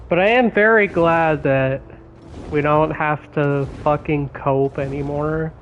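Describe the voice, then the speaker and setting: Excitable, foul-mouthed young man streaming. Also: on the high side, slow pace, muffled recording, soft background music. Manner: excitable, swears a lot, laughs between words. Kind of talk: casual gaming stream chat. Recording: faint background noise.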